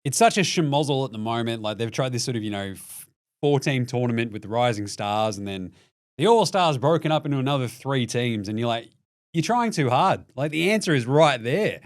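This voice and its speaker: A man with an Australian accent hosting a sports podcast, chatting casually and fast, with frequent laughs. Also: medium pitch. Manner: lively, fast-talking, laughs often. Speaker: podcast host.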